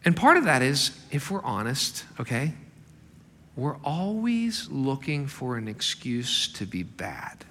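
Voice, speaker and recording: A man preaching a sermon as a pastor, animated and emphatic, acting out the quotes he tells. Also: mid-range voice, takes it slowly. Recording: long hall reverb.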